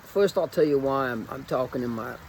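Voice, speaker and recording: A man's voice: mid-range voice, a little fast, darkish tone, slight background noise, low-quality recording. A man in his forties, a fitness coach, telling a rambling, self-mocking story in a put-on Cajun accent. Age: 40s. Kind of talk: casual storytelling video.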